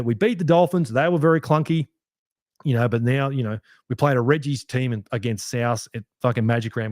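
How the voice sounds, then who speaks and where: A man's voice: mid-range voice, no room sound, studio quality. Sweary man hosting a podcast. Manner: animated, sweary, rambling fan talk. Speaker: podcast host. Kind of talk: solo sports review podcast.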